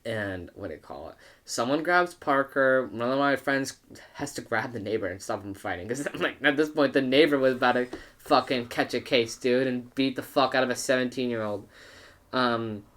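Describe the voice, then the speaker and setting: A young man, a podcast guest, telling a party story in casual chat, swearing and acting out quotes. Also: normal speed. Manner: animated, profane, acts out quotes with big pitch jumps.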